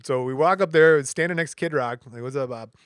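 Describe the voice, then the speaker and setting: A man's voice: a little high, brisk, clear, resonant tone, no echo, clean studio sound. A man from Michigan, a podcast co-host, telling a long story in casual chat and acting out the other people's voices. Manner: animated storyteller, acts out quoted voices.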